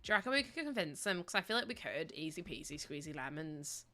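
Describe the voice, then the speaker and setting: A woman's voice: low-pitched, lively intonation, fast talker, sharp tone. A young woman chatting casually to viewers on her livestream, sleepy, rambling and giggling often. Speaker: streamer.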